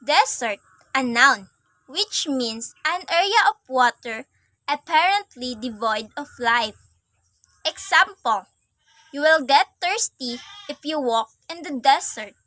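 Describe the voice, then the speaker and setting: A young woman reads a class assignment aloud in a careful, measured recitation. Her voice is high and bright, with a slightly sharp edge. The recording is dry and close, with no room sound. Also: lively intonation, no room sound, rough recording. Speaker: student.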